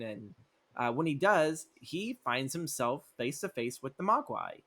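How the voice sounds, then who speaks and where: A male podcast co-host in loose, profane chat, his voice sitting at an ordinary middle pitch. He rambles through a story and keeps slipping into quick acted-out lines for the people in it. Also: lively intonation, fairly bright tone. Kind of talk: casual movie-script recap chat.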